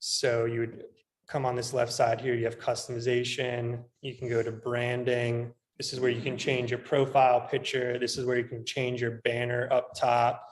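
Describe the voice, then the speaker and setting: A young man, a real estate agent, teaching a class in a casual, relaxed way with plenty of ums while walking through a screen demo. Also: mid-range voice, normal speed. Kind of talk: casual instructional talk. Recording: echoey room.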